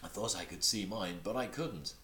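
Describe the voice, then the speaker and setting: A squeaky, timid little pig, as a man puts him on. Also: moderate pace, bright, forceful tone. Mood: nervous. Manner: squeaky, nervous. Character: timid small male pig. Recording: roomy echo.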